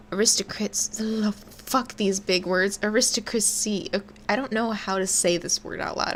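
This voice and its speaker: A woman's voice: medium pitch, fairly bright tone, a little hiss or hum. A young woman casually commenting on a game and reading its text aloud, swearing offhandedly and stumbling over long words. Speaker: game streamer.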